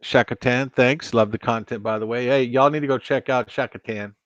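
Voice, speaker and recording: A man's voice: medium pitch, steady tone, a little fast, dry recording, muffled recording. A man chatting casually with viewers while hosting a live stream, rambling and restarting his sentences. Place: home studio at a computer.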